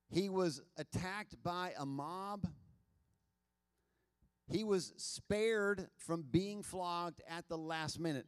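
A pastor preaching a sermon, moving between loud emphasis and quiet asides. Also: male voice, on the high side.

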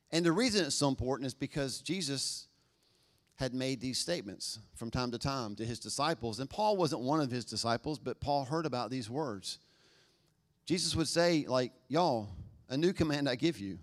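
A middle-aged man preaching a conversational sermon, joking and acting out quotes in lively voices. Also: mid-range voice. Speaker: pastor.

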